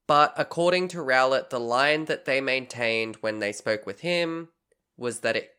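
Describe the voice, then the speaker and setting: A young adult podcast co-host tells a strange story, slipping into a put-on Southern US accent. The delivery is casual and animated, with frequent laughter and the odd swear word. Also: mid-range voice.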